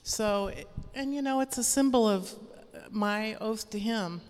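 A woman sharing an earnest, animated personal testimony as a praise report at a church gathering. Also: on the high side, unhurried. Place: church hall. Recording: long reverb of a hall.

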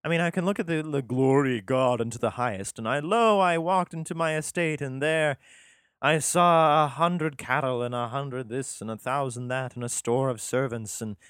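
A man doing a bragging patriarch, puffed up and showy, and pitched up from his usual voice. The sound is dry and close, with no room around it. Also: moderate pace, fairly bright tone, clear, resonant tone, no echo, close to an everyday voice. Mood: boastful. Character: boastful rich biblical patriarch, man.

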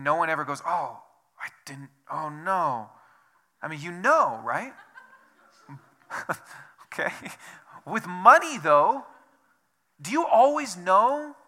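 Man, pastor, sermon, bright forceful voice, slightly high pitch, earnest, repeats himself, rhetorical questions.

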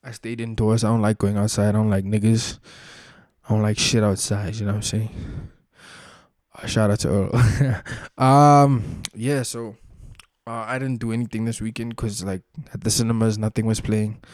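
A man's voice: lowish voice, flat delivery, moderate pace, a little mellow, no room sound, clean studio sound. A young man hosting a solo podcast, telling stories in a laid-back, slang-heavy way with constant filler tags. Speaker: podcast host. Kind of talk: casual solo podcast chat.

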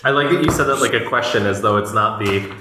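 A man's voice: lowish voice, quick pace, bright, forceful tone, roomy sound, slight background noise. A man guesting on a film podcast, chatting casually and teasing the host. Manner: laughs often, teasing.

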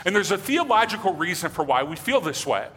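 Guy pastor preaching casual, lots of um and uh, bright slightly high voice, big echoey hall. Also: sing-song, brisk, breathy edge. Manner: conversational, loose, with many fillers. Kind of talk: sermon.

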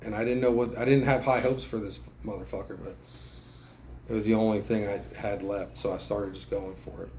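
A man's voice: lowish voice, fairly even intonation, brisk, a little mellow, a little hiss or hum. A man telling his recovery story at a meeting, casual and profane, self-mocking, with lots of fillers and restarts. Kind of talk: candid spoken testimony.

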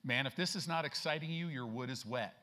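A man preaching a sermon as a church pastor, folksy and emphatic, often checking in with "right?" and slowing down and growing louder to stress scripture. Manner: slows and rises in pitch and volume to stress scripture.

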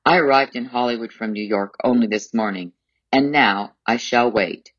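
A man's voice: mid-range voice, normal speed, a bit bright, no echo, lightly acted. Insistent polite lady customer, man reading her lines, dull muffled audio. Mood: calmly insistent. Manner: polite but commanding. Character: insistent, composed woman customer, middle-aged.

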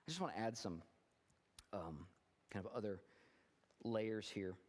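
A male pastor preaching in a church, with an earnest, conversational manner that swells into fervent emphasis. His voice sits at an ordinary middle pitch. A long reverb hangs on every line. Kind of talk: sermon.

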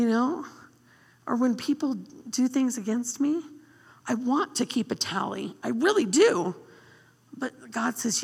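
A woman who is a guest pastor preaching a sermon. She tells stories in an emotional, animated way. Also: a little high, a little slow, gravelly, breathy edge, long reverb tail.

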